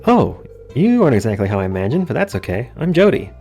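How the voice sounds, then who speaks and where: A man's voice: medium pitch, very animated, fast, mellow, breathy edge, soft background music, voice pushed up. Man doing a tactless village mom. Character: blunt village mother, tactless.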